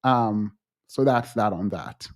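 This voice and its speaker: A man hosting a livestream, talking frankly to his chat in halting restarts and growing emphatic when he quotes others. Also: lowish voice. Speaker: livestream host. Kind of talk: livestream chat answering viewers.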